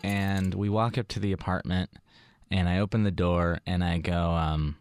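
A man's voice: sits low, fairly even intonation, moderate pace, background noise. A man, a comedian, telling a personal story casually in an interview, acting out the other people's lines in his story.

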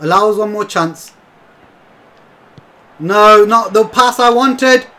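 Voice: medium pitch, slow, pushed and bright. A gaming commentator talking through a football video game match, exasperated and swearing often, calling the viewers lads. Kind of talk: live gameplay commentary.

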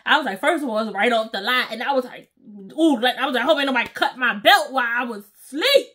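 A woman's voice: on the high side, fast. A young woman casually telling a story to her viewers, acting out what everyone said with exclamations and slang. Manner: animated, acts out quotes with exclamations and slang. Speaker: storytime vlogger.

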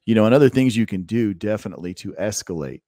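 Deep, dark-voiced man. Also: lively intonation, fast, no echo, clean studio sound. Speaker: podcast co-host. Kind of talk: casual podcast chat.

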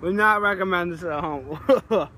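A man's voice: sits high, normal speed, sharp tone, slight background noise. A male vlogger eating raw onion outdoors, gagging and groaning, his mouth burning, teary and sweating. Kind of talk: casual vlog. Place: outdoors in hot weather.

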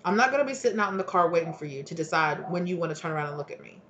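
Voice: medium pitch, lively intonation, rapid-fire, a bit bright, highs cut off, a little hiss or hum. A tarot reader giving a solo reading to camera, rambling with many fillers and restarts and acting out both sides of imagined arguments. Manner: rambling, acts out dialogue of both partners.

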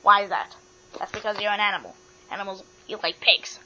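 A woman's voice: mid-range voice, fairly even intonation, fairly quick, bright, forceful tone. A woman hosting a pretend toy talk show, giving matter-of-fact answers and bossy instructions. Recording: dull lo-fi with mains hum.

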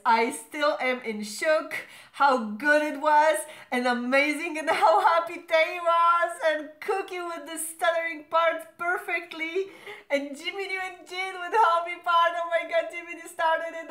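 A young woman hosting a reaction video, hoarse from screaming, chatting to camera in a gushing, apologetic way that trails off into exclamations. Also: sits high, a bit bright. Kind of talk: casual chat to camera. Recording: echoey room.

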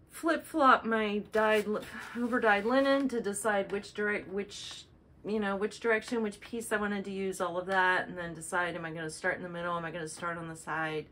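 A woman's voice: mid-range voice, fairly bright tone, slight background noise, low-quality recording. Chatty woman rambling through her projects. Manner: chatty, rambling, self-correcting. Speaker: flosstube host. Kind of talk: casual show-and-tell chat.

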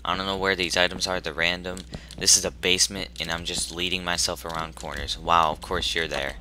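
A man commenting nervously on a horror game he plays, jumpy and talking to himself, with sudden loud outbursts. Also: low-pitched, little pitch movement, fairly quick, slight background noise. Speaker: gaming YouTuber.

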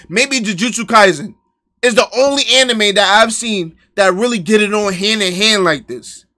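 Hyped guy streaming a reaction, bright high voice, cussing and chatting w/ viewers, faint music behind. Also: moderate pace. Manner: excitable, profane banter with chat. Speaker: live streamer.

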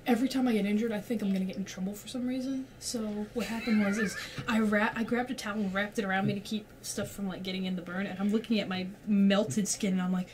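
A woman's voice: medium pitch, steady tone, fast talker, darkish tone, slight background noise. A young woman telling a rambling story to friends in casual chat, full of "like" and casual swearing. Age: young adult. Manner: rambling, peppered with "like", swears freely.

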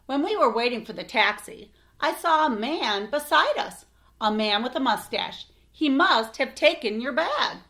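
A woman's voice: high-pitched, sing-song, measured pace, sharp tone, exaggerated voice. A woman playing an eager elephant boy. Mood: explaining.

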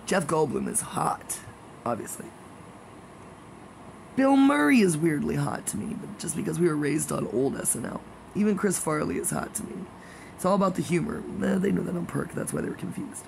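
A man's voice: a little high, very animated, moderate pace, gravelly, noisy background. A man in a rambling, casual monologue, jokey and gossipy with meandering asides.

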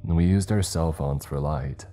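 A man reads a scripted horror story in a slow, measured way. His voice is extremely low and dark, with a mellow, heavy tone. Faint music plays quietly behind him.

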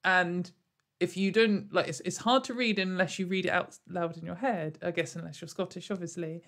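Rambling sarcastic woman with a low voice. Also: fairly even intonation, moderate pace, a bit bright. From United Kingdom. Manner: rambling, sarcastic, with frequent fillers and laughs. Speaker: commentary video host. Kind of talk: casual commentary.

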